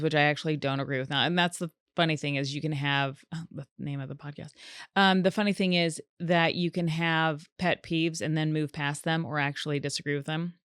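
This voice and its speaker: A woman hosts a comedic podcast on her own, chatty and animated, slipping into quoted voices. Her voice sits a little low and sounds smooth and clear. The sound is dry and close to the mic. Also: dry recording. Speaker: podcast host. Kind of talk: solo comedic podcast monologue.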